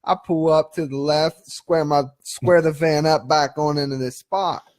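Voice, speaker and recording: A man co-hosting a casual comedy podcast, telling stories and firing off quick one-liners. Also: a little high. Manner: deadpan joke-teller, rapid one-liners. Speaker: podcast co-host.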